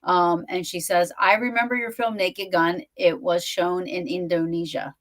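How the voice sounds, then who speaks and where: A woman's voice: lowish voice, fairly even intonation, normal speed, fairly bright tone. A woman hosting a casual interview, chatty and full of fillers. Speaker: podcast host.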